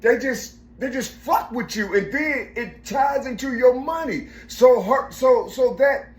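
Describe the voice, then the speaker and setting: An extremely high-pitched, unhurried male voice belongs to a middle-aged man rambling through a foul-mouthed personal story. He circles back on himself, struggles to find words and keeps saying "you see," in a room that echoes.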